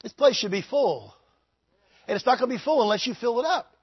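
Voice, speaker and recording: A man preaching a revival sermon, shouting fervently and then dropping to quiet storytelling. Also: very high-pitched, big pitch swings, fairly quick, breathy edge. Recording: dull lo-fi recording.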